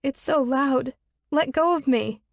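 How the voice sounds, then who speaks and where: A woman voicing a distraught young woman who wails and pleads, higher than her own reading voice and with a changed tone, in a dry close recording. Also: unhurried, dry recording. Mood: anguished. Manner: wailing, pleading.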